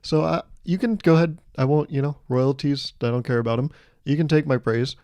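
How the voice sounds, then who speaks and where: A man's voice: a little high, a little fast, a little mellow, no echo. A man hosting a podcast, rambling through a playful comedic monologue full of self-amused asides. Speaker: podcast host.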